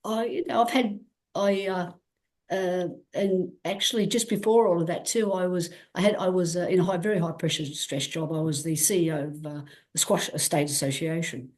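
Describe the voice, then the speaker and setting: Aussie woman guest on a podcast, a bit low voiced, animated storytelling, lots of restarts. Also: normal speed. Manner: animated, acts out quoted dialogue, frequent restarts. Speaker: guest athlete. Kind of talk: candid interview storytelling.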